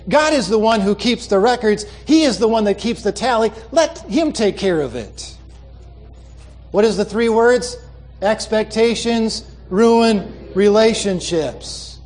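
High-pitched pastor guy preaching, reads out letters and comments dryly. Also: darkish tone. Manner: preaching with repeated call-and-response phrases. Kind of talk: sermon.

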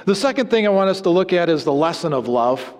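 A man preaching a sermon, telling an illustrative story and dropping to low, quiet emphasis on key words. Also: expressive, fast, big-room sound.

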